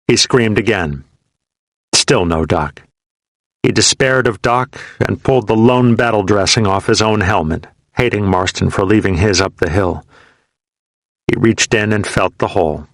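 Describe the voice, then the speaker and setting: Brief: male audiobook narrator, low gravelly voice, steady measured reading, dry close sound. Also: no room sound. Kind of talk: scripted narration of a war novel.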